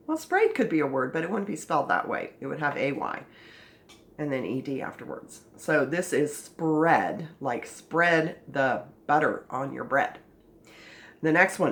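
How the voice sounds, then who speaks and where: A woman teaching a phonics lesson to children in a playful, animated way, enunciating each word clearly. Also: lowish voice, normal speed, roomy sound. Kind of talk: recorded classroom lesson.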